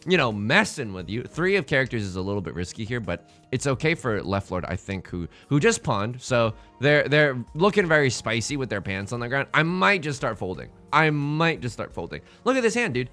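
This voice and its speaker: A man talks through a game in loose, joking commentary, wandering off into asides and banter. His pitch jumps around a lot, and his tone is bright and forceful. Soft game music plays underneath. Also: very animated, fairly quick, hardly any pauses. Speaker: let's play host. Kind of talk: casual gameplay commentary.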